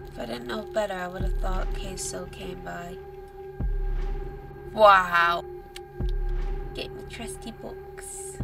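Woman gaming host, slow jokey horror-game commentary with swearing, music behind. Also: mid-range voice, gravelly. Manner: crude, joking, reads game text aloud. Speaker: gaming YouTuber.

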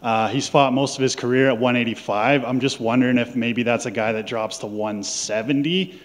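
A male reporter puts direct, polite questions to the stage. His mid-pitched voice echoes with a long reverb through a large room. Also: steady tone, moderate pace. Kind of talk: press conference questions.

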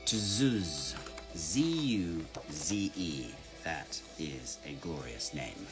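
Deep-voiced man chatting on a live stream. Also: very animated, very slow, music in the background. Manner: chatty, playful, reads names aloud and spells them out. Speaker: voice actor signing fan orders on stream. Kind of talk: casual live-stream chat.

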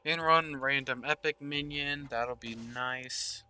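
This male gaming channel host talks slowly in a medium-pitched voice that is sharp yet clean, with soft music behind him. He offers casual commentary while playing, thinking aloud and murmuring game text under his breath.

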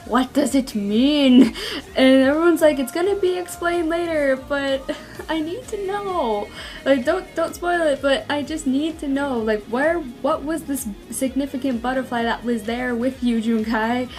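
A woman's voice: high-pitched, measured pace, a little mellow, faint music behind. Bubbly young woman gushing as a fan. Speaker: vlogger reviewing a web drama. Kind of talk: casual chat.

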